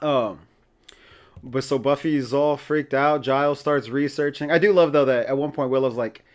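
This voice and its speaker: A man's voice: medium pitch, moderate pace. Male podcast host, casual opinionated recap, mid-range voice, laughs easily. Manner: chatty, opinionated, laughs often.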